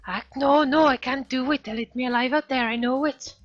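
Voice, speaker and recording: A woman's voice: high-pitched, moderate pace, breathy edge, voice pushed up. A woman doing a frantic paranoid teen boy. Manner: ranting, panicky outbursts. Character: paranoid shut-in teenage boy, loud and frantic. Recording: dull lo-fi stream audio, faint music.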